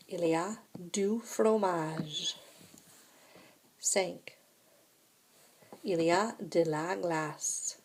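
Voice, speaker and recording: A woman's voice: fairly low pitch, a little mellow, slight background noise. A woman teaching a recorded French lesson, explaining grammar step by step and checking in with "right?" and "okay?".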